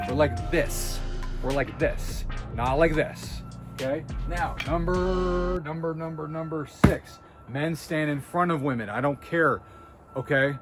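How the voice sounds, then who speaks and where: A man talking straight to camera, coaching viewers on body language in a blunt, emphatic, intense way. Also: a little high. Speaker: body language video host. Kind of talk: casual direct-to-camera coaching talk.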